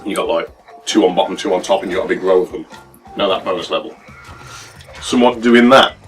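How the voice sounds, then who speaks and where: In this casual gameplay commentary, a young co-host speaks in a deep voice at a quick pace, going on at length about how the game's mechanics work. He's recorded on a distant mic, with game music playing in the background.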